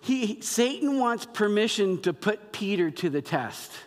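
A man preaching a sermon as pastor, animated and acting out biblical dialogue in quoted voices. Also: high voice, unhurried. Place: church sanctuary. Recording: long hall reverb.

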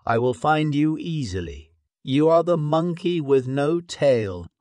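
A proud male lion with a stern, threatening manner, as a man acts him out. The storybook telling moves slowly, and the sound is dry and close. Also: fairly high pitch, expressive, a little mellow, dry recording, voice pushed up. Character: big male lion, proud and quick to anger.

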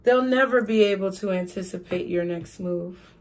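A woman tarot reader giving a collective reading, speaking in slow, repetitive spiritual phrases. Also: medium pitch.

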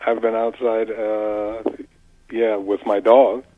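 A man's voice: lowish voice, flat delivery, slow pace, a little hiss or hum. A man answering a prank phone call with short, curt replies. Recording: phone line.

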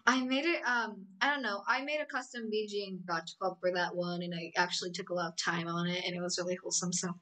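A woman's voice: lowish voice, fairly even intonation, fast, hardly any pauses, pushed and bright, poor audio. A woman chatting casually in a creator Q&A, playful and giggly, often teasing. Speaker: co-host of a creator Q&A. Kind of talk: casual chat.

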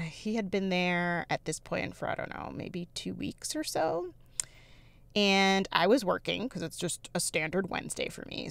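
Chatty young woman with a gravelly low voice. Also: no echo. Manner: chatty storyteller, laughs often, addresses viewers. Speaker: planner vlogger. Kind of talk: casual chat to viewers.

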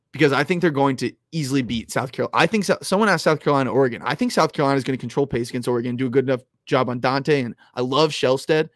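A young man hosting a live stream about sports bets, talking casually and loudly at times, rambling with lots of "like"s and restarts close to his mic. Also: mid-range voice, dry recording. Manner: rambling, filler-heavy, restarts with "like"; animated, loud at times. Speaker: sports betting host.

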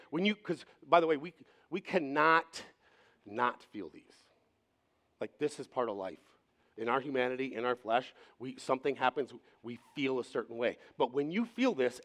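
Man preaching in a chatty way. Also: a little high. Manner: conversational preaching, acts out quoted voices. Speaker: pastor. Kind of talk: sermon.

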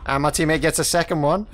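A man's voice: fairly high pitch, a bit bright, slight background noise. Chatty young man commenting on gameplay. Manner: chatty, jokey, laughs often at teammates and enemies. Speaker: mobile gaming YouTuber. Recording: music playing faintly behind.

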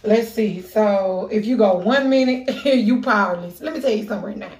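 A woman talking casually to her camera in a lively, animated way, swearing freely. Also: mid-range voice, normal speed. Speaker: vlogger. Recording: echoey room.

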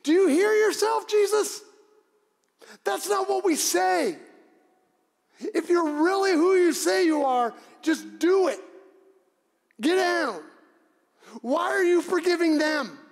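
A man's voice: very high-pitched, expressive, slow pace, vocal fry, pauses often, pitched above the performer's own voice, exaggerated voice. A man voicing a jeering onlooker at a crucifixion, mocking and incredulous. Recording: reverberant church hall.

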